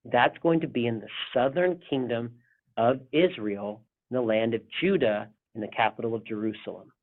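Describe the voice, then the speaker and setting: A man's voice: mid-range voice, moderate pace. Male pastor leading a Bible study. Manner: casual, rambling, frequent restarts. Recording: tinny phone-like sound.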